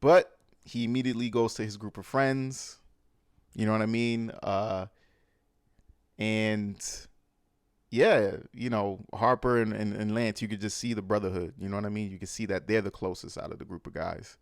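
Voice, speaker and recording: A man's voice: on the low side, normal speed, dry recording, studio quality. Slangy man recapping a movie. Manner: animated, slangy, full of fillers.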